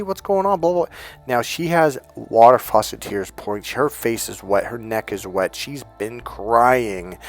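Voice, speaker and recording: A man who coaches men on dating, talking casually to his viewers, swearing freely and acting out the people in his stories. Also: mid-range voice. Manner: profane, animated storyteller acting out quotes. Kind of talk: casual lecture to camera.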